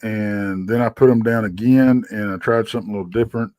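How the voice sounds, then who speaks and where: Late at night, a tired man yawns while telling rambling stories as a regular panelist on a live show, restarting often in casual chat. His voice is on the low side, steady, a little fast and darkish, with no room sound.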